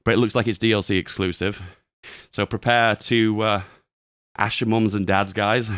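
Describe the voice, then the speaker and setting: A young man giving excitable, laughing commentary on a game update. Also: lowish voice, moderate pace, clean tone, no echo, clean studio sound. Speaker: gaming YouTuber.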